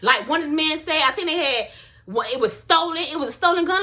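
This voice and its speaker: A young woman, telling a personal story in a casual, slangy and expressive way. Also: very high-pitched, fast. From Miami, US. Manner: animated, slangy, expressive retelling.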